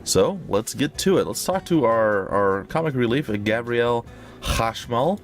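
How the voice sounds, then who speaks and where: A man's voice: mid-range voice, expressive, measured pace. Jokey man playing a game. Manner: jokey asides. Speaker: let's play host. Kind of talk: casual game commentary.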